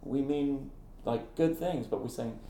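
A middle-aged man, a ministry founder and former campus minister, telling stories in an interview in an animated way, laughing at himself. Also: mid-range voice, unhurried, roomy sound. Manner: animated, acts out quoted voices, laughs at himself. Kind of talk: conversational interview storytelling.

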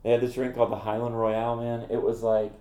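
A middle-aged man, a ministry founder and former campus minister, telling stories in an interview in an animated way, laughing at himself. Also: mid-range voice, fast talker, reverberant. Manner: animated, acts out quoted voices, laughs at himself. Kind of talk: conversational interview storytelling.

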